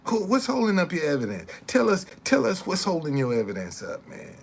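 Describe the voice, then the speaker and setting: A man's voice: on the high side, wildly swooping pitch, brisk, creaky, hardly any pauses, slightly rough. A man, ranting on a casual live stream, repeating himself and heckling commenters. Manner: repeats phrases, heckles chat commenters, laughs loudly.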